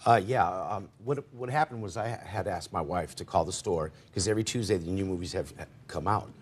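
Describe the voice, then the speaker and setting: A man's voice: low voice, slight background noise. A man telling his side of a dispute in a televised courtroom, rambling through his account with quoted back-and-forth. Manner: rambling, rapid retelling with quoted dialogue. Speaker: defendant.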